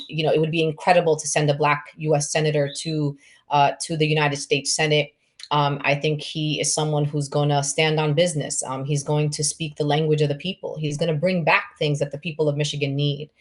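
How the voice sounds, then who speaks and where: A woman from New York hosting an event, introducing the next speaker with enthusiasm and many ums. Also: sits low. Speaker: event host.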